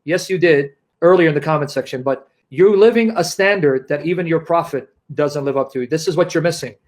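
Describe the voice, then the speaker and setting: A man's voice: fairly high pitch, brisk, a little mellow. A man arguing in a heated online debate, combative and mocking, often talking over his opponent.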